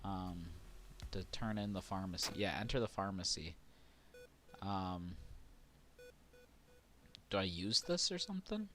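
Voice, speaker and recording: A man streaming a horror game, casually chatting, reading game text aloud and getting excitable. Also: sits low, a little slow, long pauses. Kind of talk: casual let's-play commentary.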